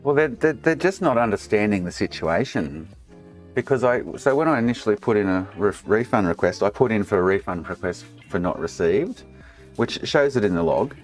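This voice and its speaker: Streaming console repairs, an Australian man chats casually and rants in frustration, swearing heavily. His voice is on the low side and expressive, moving at a moderate pace, with faint music in the background.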